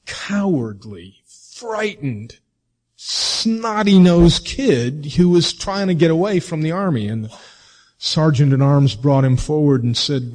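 A male preacher delivering a sermon, with expressive, drawn-out emphasis and rhetorical questions. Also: mid-range voice.

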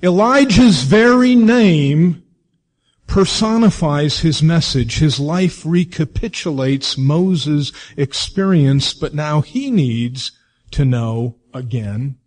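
A male preacher delivering a sermon, with expressive, drawn-out emphasis and rhetorical questions. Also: fairly high pitch.

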